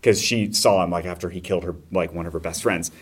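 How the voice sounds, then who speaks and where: A man in casual podcast chat, retelling a movie with animated energy and quick acted-out voices. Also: low-pitched, breathy edge. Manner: animated storyteller acting out scenes in voices. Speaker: podcast host.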